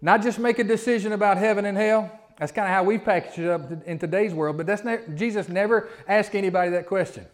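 A pastor from the Southern United States preaches a sermon in a voice a little high for a man. He's folksy and fast-talking with few pauses, repeating words and pressing his points with rising emphasis.

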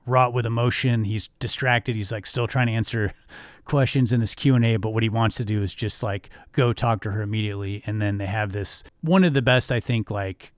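A man's voice: on the low side, a little fast, no room sound, studio quality. A male podcast co-host describing a film scene eagerly, with many fillers. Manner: enthusiastic, rambling with fillers.

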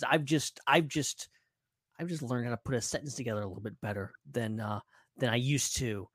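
A man's voice: medium pitch, no room sound. A man in his thirties from the American South chats as a podcast co-host. He hesitates often, restarting his sentences and filling gaps with uh. His mid-range voice sounds close and dry. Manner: halting, many uhs and restarts. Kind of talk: casual podcast chat.

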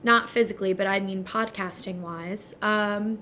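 Bubbly, rambling young woman with a bright voice. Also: on the high side, normal speed. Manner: bubbly, rambling, giggly, many fillers. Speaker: podcast co-host. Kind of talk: casual podcast chat.

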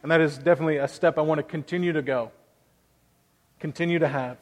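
Earnest pastor, ringing church reverb. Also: male voice, fairly high pitch, steady tone, quick pace, a little mellow. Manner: earnest, conversational preaching with personal stories. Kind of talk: sermon.

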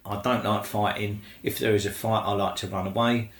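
A man's voice: on the low side, level tone, a little fast, fairly bright tone, roomy sound. A man telling a casual, slangy story in an interview, often tagging "do you know what I mean".

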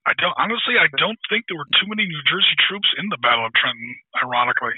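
A man co-hosting a wargaming podcast in casual chat, talking fast and bluntly with plenty of knowledge. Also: a little high, big pitch swings, breathy edge, no echo. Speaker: podcast co-host. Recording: tinny phone-like remote line.

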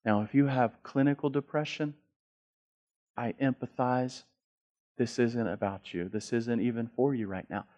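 A male pastor delivering a sermon, moving from quiet reflection to loud, fervent passages and acting out inner voices and prayers. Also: mid-range voice, steady tone, normal speed, highs cut off. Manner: swings from quiet reflection to loud, rising passion.

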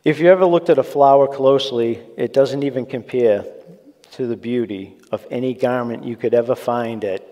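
A man's voice: medium pitch, moderate pace, dark tone. A man preaching a sermon in an earnest, conversational way, with casual asides to his congregation. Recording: long reverb of a large hall.

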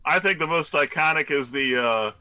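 A man's voice: a little high, lively intonation, normal speed, bright, forceful tone, dry recording, muffled recording. A man co-hosting a casual movie podcast, tossing in dry, crude jokes.

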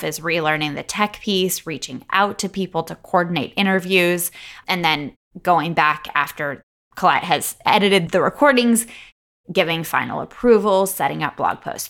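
A woman hosting her own solo podcast, talking in an upbeat, chatty way and running through lists, openly emotional and quick to laugh. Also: on the low side, fairly bright tone. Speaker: podcast host.

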